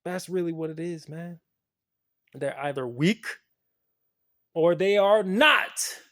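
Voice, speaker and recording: Spiritual rant to camera, profane, intense, drops to mutters then shouts. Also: mid-range voice, slow pace. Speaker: spiritual video creator.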